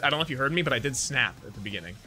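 Man, streamer, very bright tone, casual gameplay chat, laughs a lot. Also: mid-range voice, animated, racing, soft background music. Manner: chatty, laughs often, thinks aloud while counting. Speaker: streamer playing a card game.

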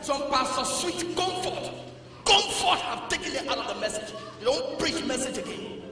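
A man with a Liberian English accent preaching a sermon as pastor, dropping to low talk and rising to shouted exhortation. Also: lively intonation, moderate pace. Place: large church hall. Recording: echoey hall, distant mic, music behind.

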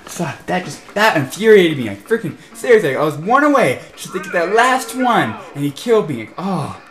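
A young man doing let's play commentary, ranting in frustration at a racing game and mixing shouts with laughter. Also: sits high, big pitch swings, normal speed. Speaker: gameplay commentator. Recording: echoey room with game music.

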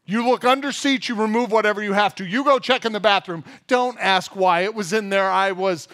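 High-voiced pastor preaching with lively humor. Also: male voice, a little fast. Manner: animated storyteller, acts out funny everyday scenes. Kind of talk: sermon. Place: church service.

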